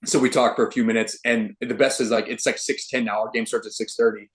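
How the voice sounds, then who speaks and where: A young man, a baseball pitcher, telling a story in a casual interview with lots of slangy "dude" and "like" fillers. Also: level tone, fast. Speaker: guest, professional baseball pitcher.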